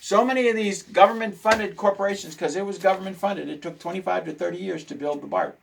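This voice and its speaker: A man's voice: high-pitched, fast, gravelly, slight background noise, low-quality recording. A man hosting a casual talk show, ranting indignantly and repeating his points for emphasis. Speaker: host.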